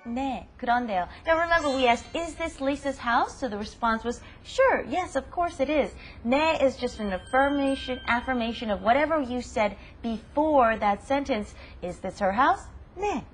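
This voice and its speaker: A woman hosting a language lesson, upbeat and emphatic, drilling words slowly. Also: sits high, expressive, soft background music. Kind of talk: upbeat teaching.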